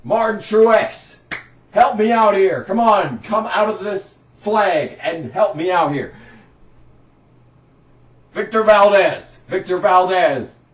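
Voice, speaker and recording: A man with a very high voice rants sarcastically, his exasperation spilling into shouts. He sits back from the microphone in an echoey room, so his voice sounds distant and roomy. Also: slow pace. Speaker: racing commentary vlogger. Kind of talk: ranting commentary. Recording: roomy, set back from the mic.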